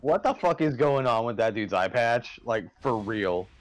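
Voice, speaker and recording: A man's voice: medium pitch, animated, moderate pace. A man with a nasal, slightly lispy voice, co-hosting a game stream with crude, sarcastic jokes. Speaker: stream co-host. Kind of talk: casual gaming chat.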